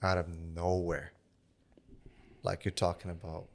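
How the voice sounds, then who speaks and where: A man's voice: deep voice, little pitch movement, measured pace, creaky. A man as a podcast guest in casual chat, laid-back, answering with short agreements and frequent laughs.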